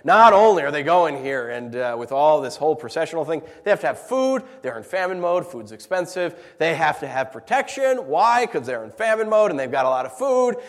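A male pastor preaching a sermon with humorous asides, animated and full of rhetorical questions. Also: a little high, fairly quick, few pauses, long reverb tail.

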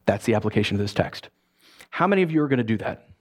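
A man, a pastor, preaching a sermon, reading scripture and acting out lively asides. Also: lowish voice, very fast. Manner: animated, acts out voices and asides.

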